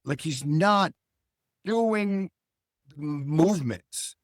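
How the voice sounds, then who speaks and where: An older man and guest cartoonist, talking in a reflective, philosophical way and telling animated stories in a relaxed interview. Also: on the high side, drawn-out words, dry recording, clean studio sound. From Hull, Massachusetts.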